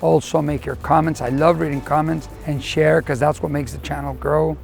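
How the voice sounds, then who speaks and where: A man's voice: fairly high pitch, flat delivery, normal speed, vocal fry, a little mellow, soft background music. A man giving a motivational talk in a folksy, conversational way, telling a farm fable and repeating his key points. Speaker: motivational speaker. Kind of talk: motivational storytelling monologue.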